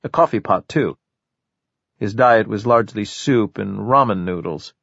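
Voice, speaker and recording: A man narrating a crime novel audiobook in a measured, even storytelling manner. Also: fairly low pitch, no echo, dull audio. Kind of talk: scripted narration.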